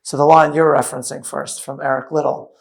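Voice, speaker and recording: A man's voice: a little high, little pitch movement, a little fast, creaky. A middle-aged rabbi, a man who is a witty storyteller, talking as the guest of a live onstage conversation. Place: event hall with audience.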